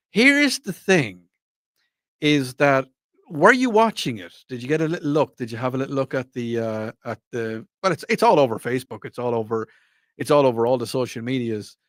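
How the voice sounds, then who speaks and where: A man's voice: mid-range voice, a little fast, a bit bright, dry recording. An Irish man hosting a radio talk show, chatting in a rambling, jokey, self-mocking way into a studio microphone. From Ireland. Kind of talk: casual radio chat.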